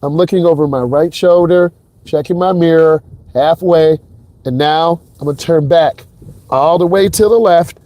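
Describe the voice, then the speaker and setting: A driving instructor with a highish, mellow voice talks at a moderate pace from inside the car as he drives. His live lesson commentary is hyped and aimed straight at viewers.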